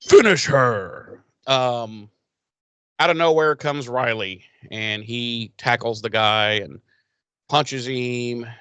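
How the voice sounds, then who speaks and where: Male podcast co-host, casual recap, acts out lines, mid pitch, dry sound. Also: takes it slowly, clean tone, no echo. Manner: animated retelling, acting out characters' lines. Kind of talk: casual chat recapping a TV episode.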